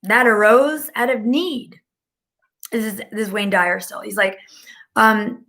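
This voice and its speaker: A woman's voice: medium pitch, takes it slowly, fairly bright tone. A woman giving a casual, rambling live-stream talk as a spiritual channeler, filling her speech with "like". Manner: chatty and rambling, heavy use of "like".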